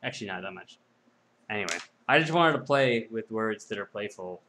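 A man's voice: on the low side, animated, fairly quick, pushed and bright, a little hiss or hum. A man hosting a trading card sales video, chatting casually with rambling, self-mocking jokes.

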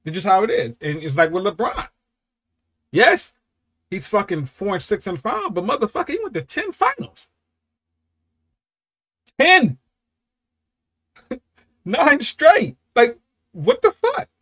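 A man hosting a music reaction, talking casually and excitably, swearing often and swinging from low muttering to loud outbursts. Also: slow, pauses often, slightly rough.

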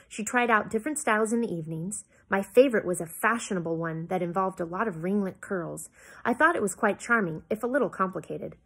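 A woman's voice: mid-range voice, fairly bright tone, slightly rough. A woman reading a novel aloud at home, stopping now and then to explain the story to her listeners. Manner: pauses to explain the story to listeners, corrects slips.

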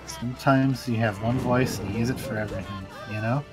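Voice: mid-range voice, fairly even intonation, a little fast. A streamer chatting casually and joking while playing a game, laughing often. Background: game music.

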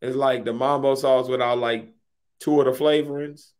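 A man co-hosting a podcast, talking in loud, profane, joking banter. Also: medium pitch, steady tone, moderate pace, smooth. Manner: loud, profane, jokey, exaggerating. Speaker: podcast co-host.

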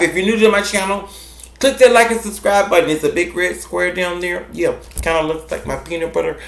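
A man hosting a casual gardening vlog, gushing affectionately at his viewers and repeating himself. His gravelly voice leaps up and down in pitch. He sounds like he is in an echoey room at home. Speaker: gardening channel host.

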